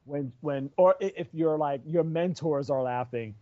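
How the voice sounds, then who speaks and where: A man's voice: on the high side, moderate pace. A man, a stand-up comedian, chatting casually and telling a rambling story full of restarts. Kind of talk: casual chat. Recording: dull dry lo-fi recording.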